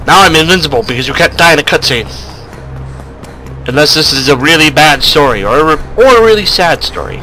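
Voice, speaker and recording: An excitable man commentating a video game, cracking jokes and yelping at what happens on screen. His voice is bright and fairly high, and it leaps up and down a lot. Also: fairly quick, soft background music, low-quality recording. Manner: excitable, joking, yelps at the game. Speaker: let's play host. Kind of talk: gameplay commentary.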